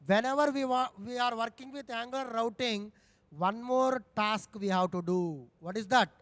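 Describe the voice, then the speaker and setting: A man with an Indian English accent and a very high voice walks through a coding tutorial step by step. He keeps repeating phrases and asks himself what to do next. His voice sits close and dry, yet a long reverb trails behind it. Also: normal speed, fairly bright tone, smooth. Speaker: programming tutor. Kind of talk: screen-recorded coding tutorial.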